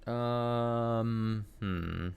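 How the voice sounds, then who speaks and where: A man's voice: mid-range voice, extremely slow, vocal fry, darkish tone, smooth. A man hosting a let's play, reading dialogue options aloud in a hesitant way with many uhs and ums. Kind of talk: reading game dialogue aloud while playing.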